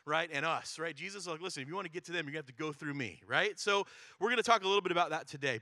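A man's voice: on the high side, bright, forceful tone, no echo, studio quality. A man preaching a sermon in a conversational, chatty way, with plenty of filler words. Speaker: pastor.

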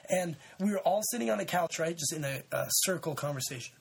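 A man in his twenties hosting a podcast, telling a story in a rambling, laid-back way with lots of fillers and shout-outs. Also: on the high side, animated, quick pace, vocal fry, husky. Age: 20s. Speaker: podcast host. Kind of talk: casual storytelling chat.

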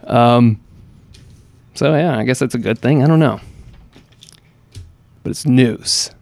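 A man's voice: medium pitch, takes it slowly, gravelly, darkish tone, no room sound. A man co-hosting a podcast, chatting casually about gaming news in a rambling, hesitant way full of fillers and restarts. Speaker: podcast co-host.

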